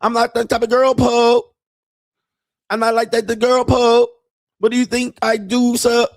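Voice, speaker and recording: A man putting on a high, wheedling young Thai bar girl in a mock Thai accent, speaking broken English and tacking "sir" onto every line. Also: level tone, measured pace, no echo, clean studio sound. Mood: protesting innocence. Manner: sing-song, wheedling, keeps adding "sir" and "Po". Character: pleading young Thai bar girl woman, sweet-talking.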